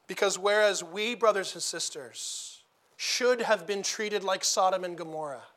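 A man preaching a sermon, emphatic and repeating phrases for stress as he builds to loud declarations. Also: sits high, unhurried.

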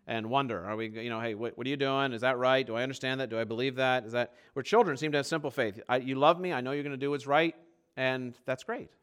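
Man preaching with bright, emphatic delivery. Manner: emphatic preaching, swinging between loud urgent passages and low quiet ones. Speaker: pastor. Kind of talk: sermon.

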